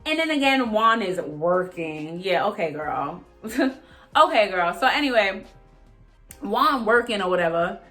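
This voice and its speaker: A woman's voice: medium pitch, measured pace, faint music behind. A young woman with ranting casually and profanely while recapping a reality show. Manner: animated, profane, emphatic, repeats herself. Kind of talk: casual reaction rant.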